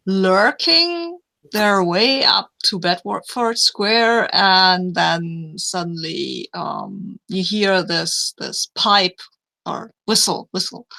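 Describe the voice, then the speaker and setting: A woman game master narrates a tabletop game scene with vivid storytelling. Her voice is bright and gravelly. She takes her time, with hesitant fillers. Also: fairly low pitch, poor audio.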